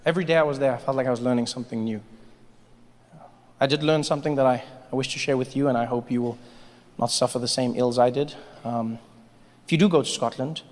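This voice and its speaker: A man doing stand-up comedy, telling stories with animated delivery and acting out characters. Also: mid-range voice, big-room sound, a little hiss or hum. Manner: animated storytelling, acts out characters.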